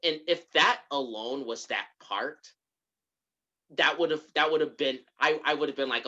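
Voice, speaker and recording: A podcast co-host in casual chat, retelling a movie scene by scene as an animated storyteller. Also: medium pitch, measured pace, dull audio. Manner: animated storyteller who acts out the characters' lines.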